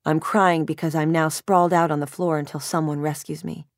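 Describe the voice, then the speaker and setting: Thirties woman narrator, wry and emotional first-person reading, low pitch, dry close mic. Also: little pitch movement, fairly quick, dry recording. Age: 30s. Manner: wry, self-mocking, emotional. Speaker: audiobook narrator.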